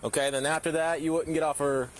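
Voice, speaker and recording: Police officer, man, calm and questioning, bodycam audio with clear background noise. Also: fairly high pitch, fast talker.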